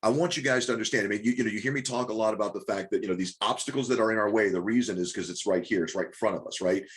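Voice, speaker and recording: Fast-talking, coaxing male business coach. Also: lowish voice. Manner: rapid, repetitive restarts, coaxing and rhetorical questions. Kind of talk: live group coaching call.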